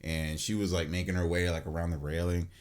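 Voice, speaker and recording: A man in his late twenties with a lowish voice tells a story on a podcast. He talks casually and animatedly, swears freely, restarts his sentences and leans on "like" and "I'm like" to act out the moment. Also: brisk, clear, resonant tone. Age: late 20s. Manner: animated and profane, filled with "like" and restarts. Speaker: podcast host.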